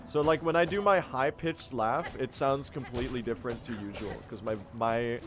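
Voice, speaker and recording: A hoarse young man streaming a game, chatting casually with his viewers, laughing often and breaking into loud exclamations. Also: mid-range voice, moderate pace, over music. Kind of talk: casual live-stream chat over gameplay.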